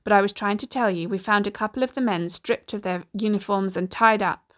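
A woman's voice: mid-range voice, a little fast, lightly acted. A woman voicing a nervous male soldier captain in a storybook reading, breathless and apologetic. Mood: anxious.

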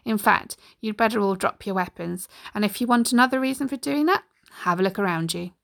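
A woman's voice: mid-range voice, fairly quick, vocal fry, fairly bright tone. Robin Hood, as a woman reader voices him. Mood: teasing. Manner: confident, teasing. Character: bold, cheerful male outlaw hero.

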